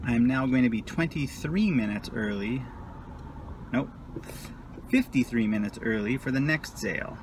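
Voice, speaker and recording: A man's voice: medium pitch, moderate pace, long pauses. A man talking casually to the camera in a vlog, chatty and self-mocking, recorded in a car. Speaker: vlogger. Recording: loud car and road noise.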